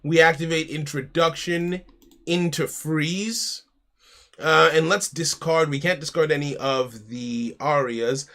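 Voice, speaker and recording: A man's voice: fairly high pitch, steady tone, unhurried, few pauses, fairly bright tone. An American man streaming from home, chatting casually and talking his card game moves through aloud, calling people "mate". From United States. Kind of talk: casual live-stream chat and game commentary.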